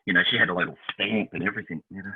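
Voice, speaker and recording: A man co-hosting a casual chat, telling animated stories and acting out the voices of people he quotes. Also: low voice, rapid-fire, creaky, breathy edge. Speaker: podcast co-host. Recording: tinny phone-line sound.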